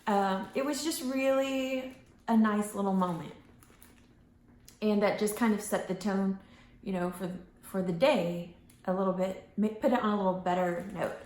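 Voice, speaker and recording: A woman chats to camera in a relaxed, rambling vlog style, drifting off track and circling back. Her voice sits at a middle pitch and carries a roomy echo around it. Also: moderate pace. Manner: rambling, loses her thread, acts out quoted voices. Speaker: vlogger. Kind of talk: casual talking-to-camera vlog.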